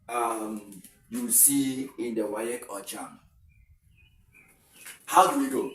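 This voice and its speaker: A man's voice: mid-range voice, slight background noise. A man teaching English stress rules for exams, explaining step by step and often repeating words. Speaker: English tutor. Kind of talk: exam-prep lesson. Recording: echoey room, mic at a distance.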